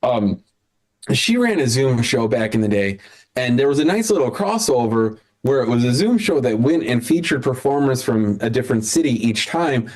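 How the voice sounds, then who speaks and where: A man from the Chicago area hosts a live online comedy show over a video call, his medium-pitched, slightly mellow voice sing-song at a moderate pace. His banter is loose and rambling; he interrupts himself and chuckles at his own jokes.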